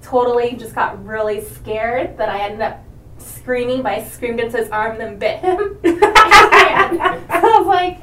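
A woman's voice: on the high side, a little slow, sharp tone, echoey room, distant mic, slight background noise, rough recording. A woman hosting a podcast in casual chat, laughing often as she talks. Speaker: podcast host.

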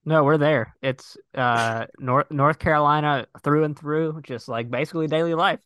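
A man's voice: a little high, normal speed, a bit bright, clear, resonant tone, dry recording. A man co-hosting a casual film podcast, enthusiastic and jokey, often stammering and restarting his sentences. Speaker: podcast co-host. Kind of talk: casual conversational film review.

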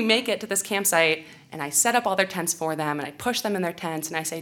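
A woman's voice: mid-range voice, fairly quick, hardly any pauses, a bit bright. A young woman, an outdoor educator, telling a funny self-mocking story on stage into a microphone, laughing often. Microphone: handheld or stage microphone.

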